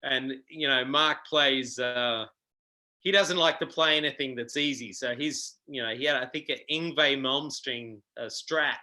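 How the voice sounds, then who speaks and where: A middle-aged Australian man telling stories as a guest in a casual interview, animated and full of ums. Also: mid-range voice, measured pace, poor audio. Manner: animated, acts out quoted voices, frequent ums. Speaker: guest guitarist.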